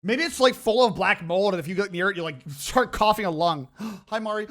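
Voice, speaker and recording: A male streamer reacting live with his chat, excitable, stumbling over his words and restarting often. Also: high voice, brisk, hardly any pauses.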